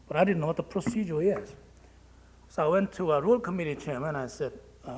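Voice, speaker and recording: A man with a Korean accent, a congressman giving a public speech in a plainspoken, joking way with halting phrasing. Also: on the high side, a little mellow.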